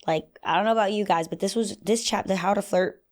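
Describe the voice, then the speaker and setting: A young adult woman hosting a solo podcast in casual, animated talk, acting out little scenes in playful voices. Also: mid-range voice, brisk. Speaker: podcast host.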